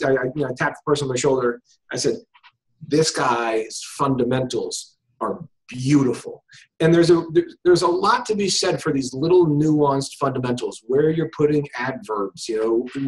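Over a video call with poor audio, a man who teaches hypnosis chats casually as an interview guest. His fairly high voice is full of fillers and restarts as he thinks aloud.

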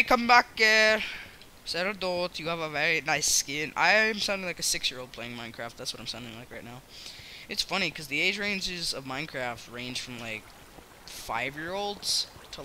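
A young American man rambling and joking through his own Minecraft let's play, yelling in fights. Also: on the high side, a little hiss or hum. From United States. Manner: rambling, self-mocking, yells during fights. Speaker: gaming YouTuber.

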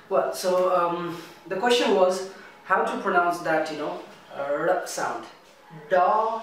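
Casual male teacher, high voice, repeats words as a drill; distant mic in a boomy room. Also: fairly bright tone, very echoey, slight background noise. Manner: drills words by repeating them several times. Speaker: Hindi pronunciation teacher. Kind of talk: casual video lesson.

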